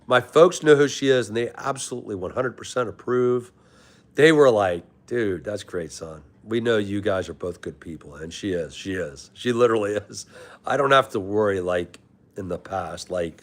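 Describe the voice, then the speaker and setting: A young man hosting a live stream, casually greeting chatters by name and calling them brother. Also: on the low side. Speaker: livestream host reading chat.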